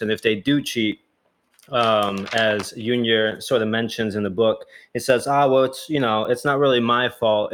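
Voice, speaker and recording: A man's voice: fairly low pitch, fairly bright tone. A man co-hosting a podcast, discussing a book in a casual way and thinking aloud with frequent ums and likes. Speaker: podcast co-host.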